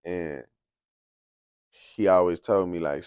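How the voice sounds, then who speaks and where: A man's voice: deep voice, moderate pace, long pauses, clear, resonant tone, no room sound, muffled recording. A young man from San Antonio, Texas, telling his life story in a casual interview, heavy on slang and "you know what I'm saying". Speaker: interview guest, rapper.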